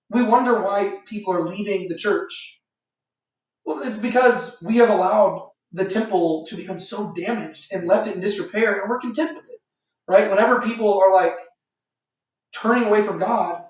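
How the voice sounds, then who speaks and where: A man's voice: high-pitched, moderate pace. A man teaching a Bible study in a loose, rambling way, full of fillers, who acts out imagined voices. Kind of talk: informal Bible teaching to a small group. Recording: echoey room, far from the mic.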